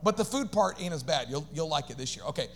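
A pastor preaching an energetic sermon, calling on the congregation to repeat phrases and dropping casual slangy asides. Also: male voice, a little high, fast talker. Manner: animated preaching with call-and-response to the congregation.

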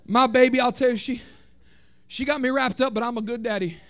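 A male pastor, preaching a sermon that swings from shouted, sung lines to quiet talk. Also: very high voice, fairly even intonation, brisk. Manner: preaching, shouting and half-singing in rises, then dropping soft.

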